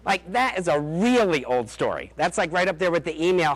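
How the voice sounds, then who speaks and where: A slightly high-voiced male therapist addresses a room of parents in a loose, conversational lecture. He tells case stories with dry sarcasm and leans on "like" and "um" as he goes. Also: very animated, fairly quick, hardly any pauses. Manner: chatty storytelling, frequent "like" and "um" fillers. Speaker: family therapist giving a parenting talk. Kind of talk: lecture with anecdotes.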